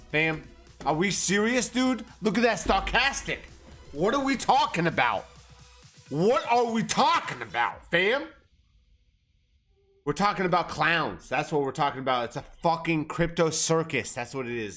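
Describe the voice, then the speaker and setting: A man's voice: a little high, a bit bright. A man ranting on a livestream about markets, profane and agitated. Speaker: market commentary streamer. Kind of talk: livestream rant.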